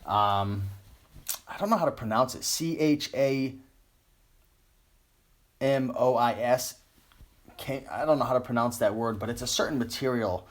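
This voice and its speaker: Young adult man, casual live-stream host, loose rambling delivery, slightly tired voice. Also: mid-range voice. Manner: rambling, many fillers and self-corrections. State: losing his voice. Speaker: online clothing reseller. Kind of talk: live-stream tips chat.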